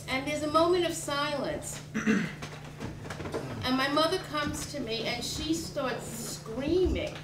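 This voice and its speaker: A woman telling a personal story to an audience in a vivid, animated present-tense way. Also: high voice, takes it slowly. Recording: roomy, distant, noisy room.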